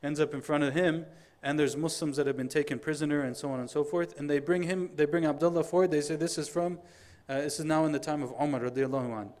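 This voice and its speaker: Man, middle-aged, preacher, Friday sermon, animated storytelling, acts out dialogue, brisk delivery. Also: on the high side. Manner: animated storyteller, acts out dialogue, recites Arabic quotations quickly.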